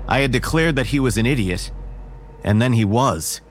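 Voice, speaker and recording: A man narrating a first-person horror story in a measured, wary tone. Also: mid-range voice, lively intonation, a little hiss or hum.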